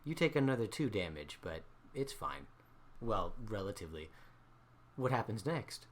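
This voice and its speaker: A man running a tabletop game as dungeon master, narrating with animated swings between hushed and loud delivery. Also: lowish voice, normal speed, creaky.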